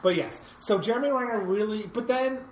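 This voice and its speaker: A woman's voice: a little high, fairly quick, reverberant, a little hiss or hum. A woman co-hosting a casual podcast about movies, enthusiastic and rambling, often laughing, with her microphone set far away. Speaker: podcast co-host.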